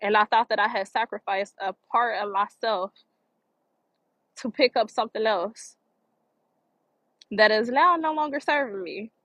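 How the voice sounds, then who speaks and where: A woman's voice: medium pitch, a little slow, long pauses, fairly bright tone, dry recording, poor audio. A woman talking outdoors by the water in a park, giving earnest spiritual encouragement and repeating phrases for emphasis. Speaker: motivational vlogger. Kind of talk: spiritual motivational talk.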